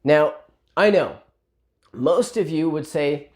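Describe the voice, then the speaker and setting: A man telling a personal story in a casual, animated, self-deprecating way. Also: fairly high pitch, takes it slowly, long pauses.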